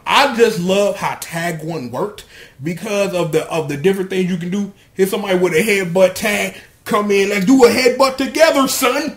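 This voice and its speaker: A man with a high, bright-sounding speaking pitch talks through a TV episode on his own podcast. He slips into slang, jumps between excited bursts and low asides, and keeps a loose, animated commentary going. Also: moderate pace. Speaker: podcast host reviewing a TV episode. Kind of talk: casual solo commentary.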